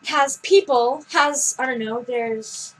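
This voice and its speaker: A woman's voice: sits high, takes it slowly, a bit bright, poor audio. A teenage girl chatting casually on a vlog, telling rambling stories in a blunt way. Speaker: vlog co-host. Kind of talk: casual chat.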